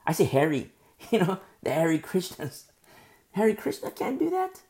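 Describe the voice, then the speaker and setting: A middle-aged woman teaching a Bible study sermon in an informal, conversational way. She repeats key phrases and stammers when she gets excited. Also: medium pitch, unhurried.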